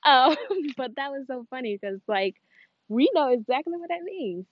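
A talkative woman vlogging at home while she cooks. Her voice sits a little high, and the recording sounds dry and dull. She rambles loosely between thoughts and breaks off to call her dog. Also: lively intonation, normal speed, no echo. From United States. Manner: chatty, meandering, stops to coax her dog. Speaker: cooking vlogger. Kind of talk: casual chat while cooking. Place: at home, moving between kitchen and outdoors.

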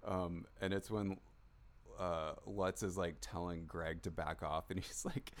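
A man co-hosting a podcast in casual chat, rambling with lots of restarts and quick laughs. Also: low-pitched, fairly even intonation. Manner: rambling, many fillers and restarts, laughs a lot. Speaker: podcast co-host.

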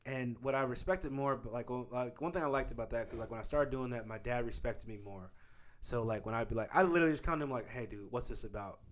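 A man hosting a casual podcast chat, joking, swearing and putting on voices to mimic people. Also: mid-range voice. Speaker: podcast host.

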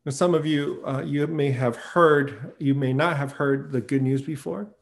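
A man's voice: a little high, measured pace, gravelly. A man, a pastor, giving an earnest sermon that rises to emphatic peaks and tells stories with acted-out quotes.

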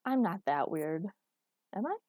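A woman's voice: medium pitch, sing-song, a little slow, darkish tone, no room sound, studio quality. A woman voicing a quirky, cheerful young woman inventor who talks in a bubbly, earnest way. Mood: curious.

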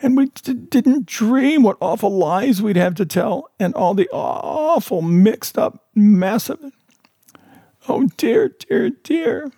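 Guy putting on a crying young woman, voice way up high and trembly. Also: animated, takes it slowly, gravelly, dark tone, slightly rough, dry recording, studio quality, exaggerated voice. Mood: sobbing. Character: tearful young woman, sobbing, high and shaky.

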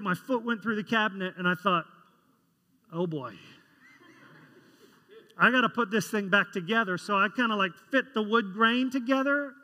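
Man preaching, high voice, conversational storytelling sermon, long hall reverb. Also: bright, forceful tone. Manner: conversational storytelling, asks the congregation questions. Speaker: pastor.

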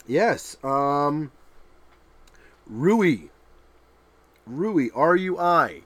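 Lively, bright-voiced man telling stories. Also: fairly high pitch, drawn-out words, no room sound. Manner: animated storyteller, laughs loudly at his own stories. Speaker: podcast co-host. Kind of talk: casual podcast chat.

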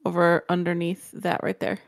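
Female co-host, calm and practical, lower voice, casual chat. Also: moderate pace, vocal fry, no echo. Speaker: podcast co-host.

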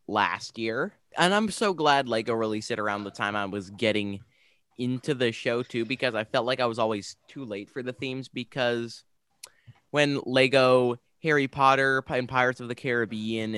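A man's voice: medium pitch, a bit bright, clean tone, no echo, studio quality. A young man co-hosting a casual podcast, talking enthusiastically and rambling with frequent restarts. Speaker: podcast co-host. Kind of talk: casual podcast chat about games.

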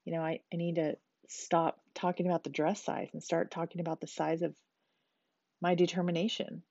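A woman's voice: lowish voice, little pitch movement, normal speed, vocal fry, darkish tone, no room sound, lo-fi sound. A woman hosting a podcast, talking candidly and casually about self-help, swearing now and then and getting emphatic. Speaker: podcast host.

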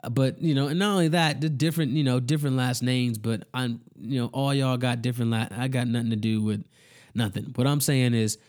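A man's voice: medium pitch, steady tone, fairly quick, darkish tone. A man ranting in a casual monologue, profane and exasperated. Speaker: commentator. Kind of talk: casual rant.

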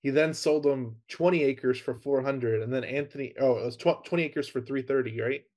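A man's voice: medium pitch, normal speed, a little mellow. A man hosting a casual business call, upbeat as he walks through the numbers of a deal. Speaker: host.

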